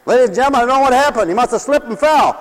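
A man preaching a comic, theatrical sermon, dropping to hushed asides and then shouting as he acts out little scenes. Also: extremely high pitch, very fast, long reverb tail, noisy background.

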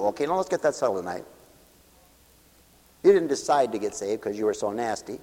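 A man preaching a sermon, firing rhetorical questions and swinging from loud declarations to hushed answers. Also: medium pitch, expressive, normal speed, pauses often. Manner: emphatic, rhetorical questions, sweeping swings in volume. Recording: long hall reverb.

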